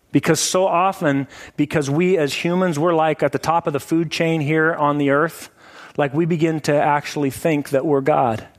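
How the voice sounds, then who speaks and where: A middle-aged male pastor preaching a sermon in a conversational way, often saying "like" and "right?" to his listeners. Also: medium pitch.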